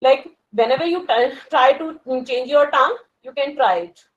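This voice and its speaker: A woman's voice: high-pitched, normal speed, lo-fi sound. A woman from India with an Indian English accent, a working professional talking casually and hesitantly, with many fillers and restarts. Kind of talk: casual conversation about learning English.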